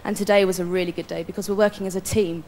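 Woman, singing contestant, chatty, laughing, casual interview talk, middle pitch. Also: fairly even intonation, racing, darkish tone.

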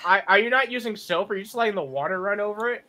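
A woman's voice: medium pitch, fast talker, bright, forceful tone. A woman panelist on a podcast, chatting casually and asking blunt questions. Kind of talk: casual chat.

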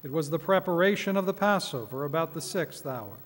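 A man reading scripture aloud at a midweek church service, measured and solemn. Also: on the high side, expressive. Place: church sanctuary. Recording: echoey church hall.

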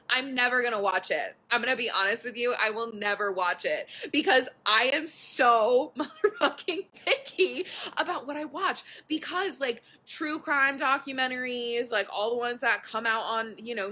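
A woman's voice: fairly high pitch, sharp tone. A young woman hosting a casual live chat from her couch at home, candid and chatty, full of "like" and the odd swear word. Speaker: podcast host.

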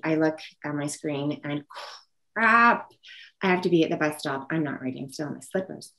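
A woman's voice: sits low, rough recording. A woman presenting an online parenting workshop, telling a story from her own family and acting out what she says to her children.

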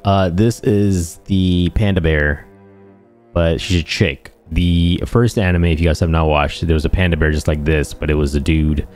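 A man's voice: very deep voice, darkish tone. A man giving rambling, jokey commentary while playing a game, often slipping into random silly voices. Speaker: let's play gamer. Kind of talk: casual gameplay commentary.

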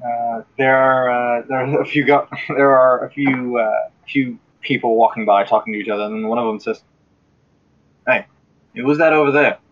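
A man with an Australian accent, narrating a tabletop game as dungeon master in a relaxed way with fillers. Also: mid-range voice, normal speed, hardly any pauses, muffled recording.

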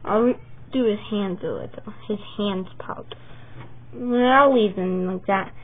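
A woman hosting a casual vlog, chatting and rambling as she shows her drawings, with the hiccups and bursts of excitement. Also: mid-range voice, takes it slowly, slightly rough. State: has the hiccups. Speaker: channel host showing her drawings. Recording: tinny phone-like sound with faint noise.

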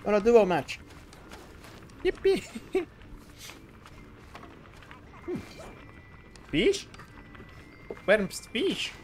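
A woman's voice: medium pitch, very animated, extremely slow, long pauses, darkish tone, a little hiss or hum. A woman streaming a game, giggly and hyper, chatting playfully with her teammates. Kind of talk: casual gaming stream chat.

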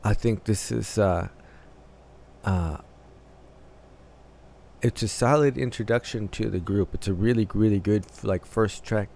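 A man with a fairly low voice talks casually through a music reaction. He analyzes the arrangement and the vocal parts as he goes, halting and restarting his phrases while he works out what he means. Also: creaky, darkish tone, slight background noise. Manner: hesitant, restarting phrases while thinking aloud.

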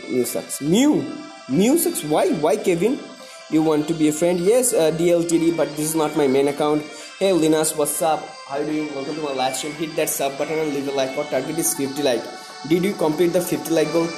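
A young man from India hosting a live stream, greeting viewers by name and repeating himself excitedly. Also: on the high side.

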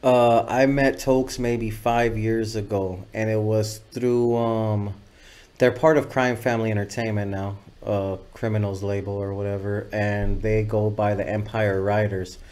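A man's voice: fairly low pitch, little pitch movement, unhurried, darkish tone. A man sits in as a podcast guest, telling a long story in a loose, profane, rambling way. He keeps slipping into other people's voices when he quotes them. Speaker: guest videographer. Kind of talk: casual storytelling interview.

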